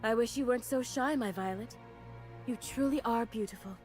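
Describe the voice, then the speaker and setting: A woman's voice: fairly high pitch, fairly quick, faint music behind, natural voice. A woman voicing a flamboyant fashion designer in a video game, theatrical and doting, full of endearments. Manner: grandiose, theatrical, showering people with endearments. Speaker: game character.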